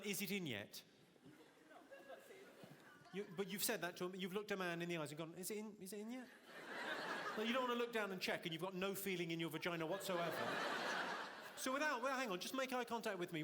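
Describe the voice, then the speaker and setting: Brief: high-pitched deadpan male comic, long hall reverb, loud noise. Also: quick pace. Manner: deadpan, teasing the audience. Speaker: stand-up comedian. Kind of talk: stand-up comedy with crowd work. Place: large theatre in Glasgow.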